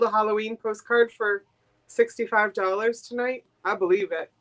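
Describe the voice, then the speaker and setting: A woman's voice: medium pitch, steady tone. Guest seller: a bubbly, talkative woman from Boston, mid-range voice, casual live-stream chat. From Boston, USA. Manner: chatty and enthusiastic, quick giggles.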